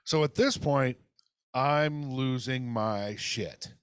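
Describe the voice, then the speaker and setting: A man's voice: mid-range voice, slow, smooth, no echo, clean studio sound. A man co-hosting a casual podcast, telling a heated, profane story and acting out phone calls. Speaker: podcast co-host. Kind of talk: casual ranting podcast chat.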